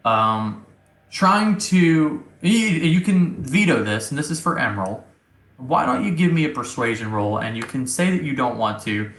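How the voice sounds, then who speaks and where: A man's voice: medium pitch, fairly bright tone, echoey room, low-quality recording. A man running a tabletop game as game master, explaining rolls in an easygoing way with fillers.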